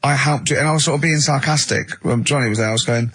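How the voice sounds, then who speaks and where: A man co-hosting a radio show, telling lively anecdotes in casual banter and mimicking the people he quotes. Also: medium pitch, quick pace, husky, no room sound. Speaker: radio co-host. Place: radio studio.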